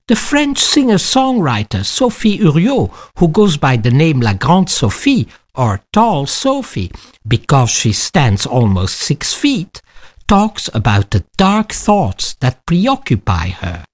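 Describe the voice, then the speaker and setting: A man hosting a music program, presenting from a script in a measured, deliberate way. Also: fairly high pitch. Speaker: host.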